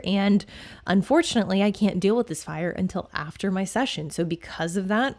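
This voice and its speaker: A woman's voice: medium pitch, normal speed, darkish tone. A young woman hosting a solo fitness podcast who talks frankly and swears casually, rambling with lots of fillers.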